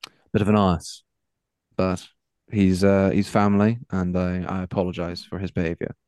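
A man putting on a courteous, commanding older gentleman squire. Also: low voice, flat delivery, moderate pace, clean tone, dry recording, clean studio sound, natural voice. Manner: courtly, formal.

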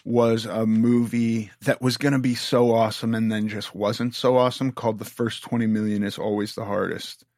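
A man, an actor, chatting casually in an interview about his past films, in loose, relaxed phrasing. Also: fairly low pitch, normal speed, few pauses, no echo, studio quality.

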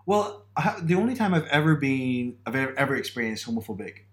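A man's voice: medium pitch, very animated, fast. A man from Northern Ireland in a casual podcast chat, telling stories with self-mocking humour and frequent laughs.

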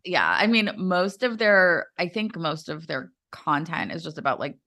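A woman's voice: fairly low pitch, moderate pace, sharp tone. A woman co-hosting a casual podcast, exasperated and blunt, swearing and filling with "like". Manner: exasperated, swears freely, many fillers. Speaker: podcast co-host. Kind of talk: casual chat.

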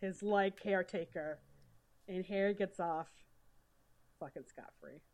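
A woman's voice: fairly low pitch, unhurried, a little mellow, rough recording. A woman co-hosting a podcast in casual chat, swearing freely and laughing often. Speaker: podcast co-host.

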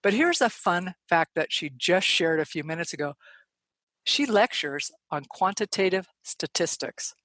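Eager, fast-talking woman podcast host. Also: fairly low pitch, animated, a bit bright, no room sound. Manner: enthusiastic, quick, admiring. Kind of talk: scripted guest introduction, then interview.

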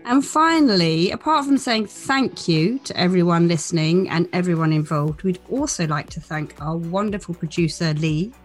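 A middle-aged woman hosts a podcast in a chatty, sympathetic manner. Her voice is a little low for a woman, and faint music plays behind her. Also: lively intonation, moderate pace, hardly any pauses. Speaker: podcast co-host. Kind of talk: casual chat.

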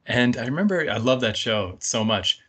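A man's voice: medium pitch, lively intonation, moderate pace, a bit bright, slightly rough. A man talking casually about a film on a podcast, rambling and laughing often. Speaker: podcast guest.

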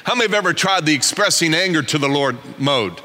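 Male pastor, folksy animated sermon, bright tone, long church reverb. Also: a little high, fast talker, slight background noise. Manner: animated, folksy, self-joking preaching.

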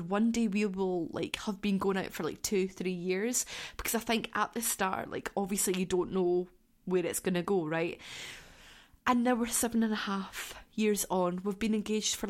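Scottish woman, twenties, mid-pitched, solo podcast host, chatty and effusive, swears now and then. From southwest Scotland. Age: 20s. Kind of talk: casual solo podcast chat.

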